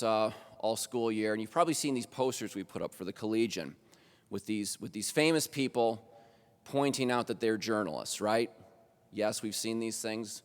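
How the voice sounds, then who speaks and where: Lecturing man in a reverberant hall. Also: medium pitch. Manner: conversational lecturing, often asking "right?" of the audience. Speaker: college journalism professor. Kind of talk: lecture at a faculty roundtable. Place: college auditorium stage.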